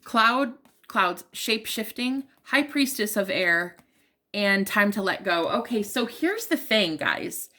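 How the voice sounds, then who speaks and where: A woman's voice: medium pitch, lively intonation, slow, sharp tone. Chatty woman giving a heartfelt tarot reading. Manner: chatty, emotionally open, talks straight to the listener with many fillers. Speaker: tarot reader. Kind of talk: casual tarot reading addressed to viewers.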